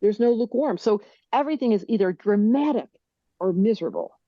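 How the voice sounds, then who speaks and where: An older woman, a guest on a podcast, explaining things in a lively way and acting out little voices as she goes. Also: mid-range voice, a little fast, no room sound, highs cut off. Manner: animated, acts out little character voices. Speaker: astrologer guest. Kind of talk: podcast interview.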